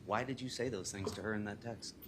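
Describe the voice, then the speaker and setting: A man working as a trial attorney, reading exhibits aloud in a measured way and then pressing a witness with short questions in a courtroom. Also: lowish voice. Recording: noisy courtroom audio.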